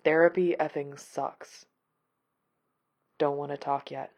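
A woman's voice: low voice, little pitch movement, slow pace, a little mellow, pitched below the performer's own voice, full character voice. A woman reading aloud, voicing a fragile, diffident young man who speaks in a subdued way.

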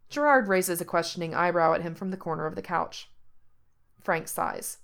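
A woman reading fiction aloud as narrator, with steady storytelling and lively rises in pitch. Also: moderate pace, vocal fry.

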